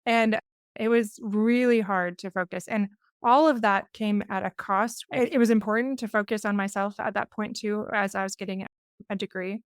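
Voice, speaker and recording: A woman in her forties hosting a podcast, speaking in a thoughtful, measured, reflective way. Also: mid-range voice, steady tone, smooth, no echo, studio quality. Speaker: podcast host. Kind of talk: reflective conversation.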